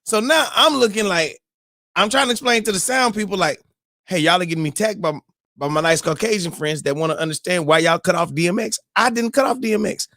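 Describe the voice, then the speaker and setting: Guy hosting a morning show, high voice, whoops and does crowd voices, dry close mic. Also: a little fast, sharp tone, no room sound. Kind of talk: casual storytelling.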